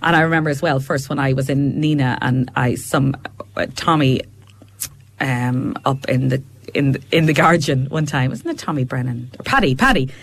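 A middle-aged woman, chatting on radio as a guest, animated and laughing often as she tells stories. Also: very deep voice, normal speed, breathy edge. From Ireland, border area near Leitrim. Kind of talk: casual radio chat.

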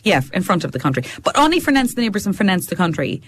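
A woman's voice: on the low side, sing-song, rapid-fire. A middle-aged woman with a Fermanagh accent, chatting as a radio guest in a studio, telling family stories and laughing often. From Fermanagh, Northern Ireland. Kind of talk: casual chat.

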